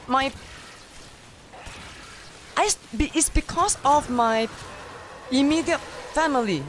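Halting, earnest man in his thirties. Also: very high voice, background noise. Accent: Asian-accented English. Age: 30s. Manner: earnest, halting, restarts often. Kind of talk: casual chat between gamers.

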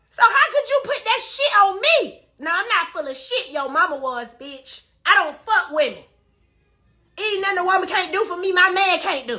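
A woman rants emotionally on a livestream, swearing a lot and emphatically repeating her denials again and again. Her voice is extremely high, pushed and bright.

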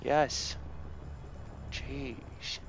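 Over game music and gunfire, a young man does let's play commentary, playfully trash-talking the characters and goofing off. He talks extremely slowly, and the audio sounds dull, with background noise.

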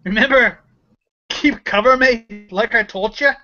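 A gruff, suspicious frontier father, as a man puts him on in a tabletop game, barking in a rough rural drawl. The voice sits high and bright. The recording is dull and lo-fi. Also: measured pace, faint music behind, exaggerated voice. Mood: worried orders.

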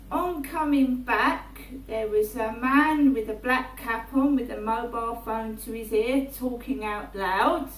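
A woman, rambling through a personal monologue in her flat and often checking in with "right?". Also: on the high side. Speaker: vlogger. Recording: roomy, distant mic, faint hum.

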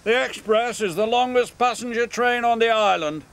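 A man's voice: high-pitched, huge pitch swings, moderate pace, pushed and bright, voice pushed up, heavily acted. Boastful male steam engine for a kids' cartoon, done by a man, raised, swooping voice. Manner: boastful, showing off.

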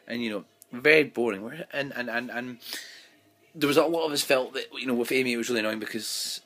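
A man's voice: mid-range voice, fast, fairly bright tone. A man giving a casual, rambling vlog review of a TV episode, recorded on his phone, full of fillers and restarts.

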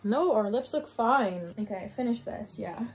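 A woman's voice: a little high, lively intonation, measured pace, slight background noise. A young woman chatting and teasing her friend while drunk. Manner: teasing and playful. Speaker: co-host. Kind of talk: casual chat.

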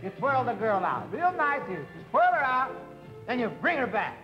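A bossy dance instructor who grows exasperated and keeps breaking into laughter, his voice high and swinging widely. The 1950s live TV audio is dull and lo-fi, with a loud studio audience behind him. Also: big pitch swings, normal speed, music in the background. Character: bossy, impatient man teaching dancing. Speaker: comedy straight man. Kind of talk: 1950s live TV sketch comedy.

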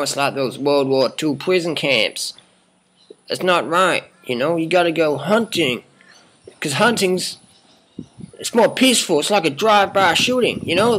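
A smug, boastful health guru in his forties, spoofed by a man, rambling on in a mocking parody monologue. The voice sits a little high and rings sharp and bright. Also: husky, full character voice.

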